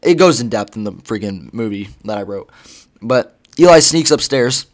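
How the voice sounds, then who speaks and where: A man's voice: mid-range voice, animated, moderate pace. A man casually retelling a story, rambling with lots of fillers and swearing. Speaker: vlogger.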